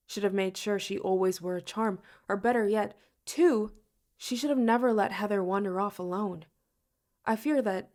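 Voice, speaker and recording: A woman's voice: mid-range voice, a little mellow. A woman narrating an audiobook in first person. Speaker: audiobook reader.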